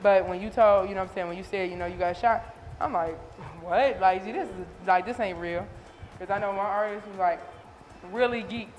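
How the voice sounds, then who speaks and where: A woman interviewing a singer in casual chat, telling stories with lively, animated delivery. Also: mid-range voice, brisk, big-room sound, slight background noise. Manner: animated storytelling, voices others. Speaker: interviewer and showcase host.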